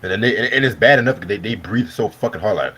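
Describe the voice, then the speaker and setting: A man's voice: on the low side, animated, fast, bright, forceful tone, slightly rough. A man hosting a live stream, chatting loosely with lots of swearing and laughter while he eats dinner. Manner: loose, profane, laughing banter. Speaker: host. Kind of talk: casual live-stream chat.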